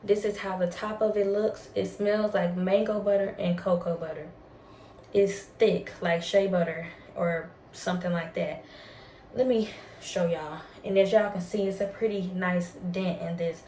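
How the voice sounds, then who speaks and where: A woman's voice: mid-range voice, fairly even intonation, normal speed, mellow, a little hiss or hum. Chatty woman in an echoey room. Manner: chatty and upbeat, uses Southern US slang. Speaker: beauty vlogger. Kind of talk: casual chat with devotional talk. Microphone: ring light setup at home.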